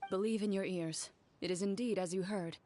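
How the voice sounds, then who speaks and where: A woman voicing a calm, composed young woman in a game, measured and quietly knowing. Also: medium pitch, dry recording, close to an everyday voice. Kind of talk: game voice acting.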